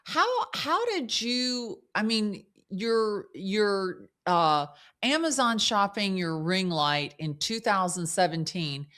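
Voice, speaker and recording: A woman's voice: mid-range voice, animated, slow pace, fairly bright tone. A woman hosting a podcast, asking questions in a casual chat and often restarting her sentences. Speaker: podcast host.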